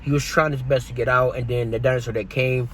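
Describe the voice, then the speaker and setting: A man giving a casual, jokey movie review that retells the plot in an animated way. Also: mid-range voice, quick pace, heavy background noise.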